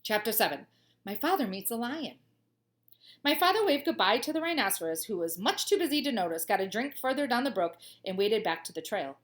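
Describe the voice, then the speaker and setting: A woman, a teacher, reading a children's storybook aloud with expressive voices and gushing asides. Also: a little high, fairly quick.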